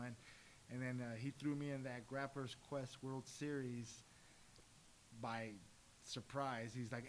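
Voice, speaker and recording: A jiu-jitsu coach telling stories in a casual interview, acting out the dialogue with lively energy. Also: male voice, mid-range voice, unhurried. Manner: animated storyteller, acts out quoted dialogue. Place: gym. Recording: faint background hiss.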